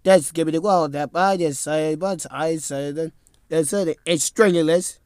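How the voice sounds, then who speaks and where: A man's voice: on the high side, unhurried, darkish tone, clean tone, dry recording, clean studio sound. A man improvising a rambling, jumbled, playful voice-over. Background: music.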